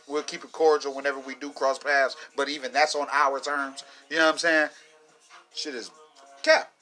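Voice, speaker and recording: A man's voice: a little high, pushed and bright. A man hosting a casual solo podcast, rambling and swearing a lot and often breaking into laughs. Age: adult. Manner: rambling, profane, laughs between lines. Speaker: podcast host.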